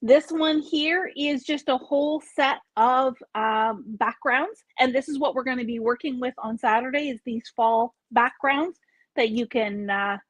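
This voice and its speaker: A woman hosts a live craft store video, walking through products in a chatty, explanatory way and pausing to correct herself. Her voice sits a little high, and the sound is dry and close. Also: no room sound, dull audio. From Canada.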